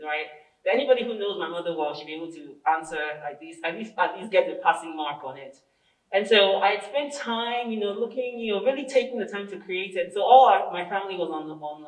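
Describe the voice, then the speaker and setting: A woman presenting a training workshop, a lively storyteller who acts out dialogue and asks her audience questions. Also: fairly low pitch. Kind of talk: interactive training workshop talk. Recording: echoey room, far from the mic.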